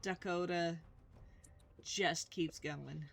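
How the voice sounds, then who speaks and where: A woman's voice: fairly low pitch, fairly even intonation, extremely slow, vocal fry. A woman casting a live video game match with a dry, wry humor. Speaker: esports caster.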